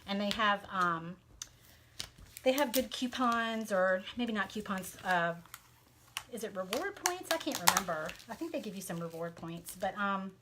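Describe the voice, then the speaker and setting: A woman's voice: medium pitch, lively intonation, a little slow, background noise. Chatty Southern woman crafting on a live stream. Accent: Southern American. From Southern United States. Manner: chatty, talks to viewers while working, many fillers. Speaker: craft vlogger.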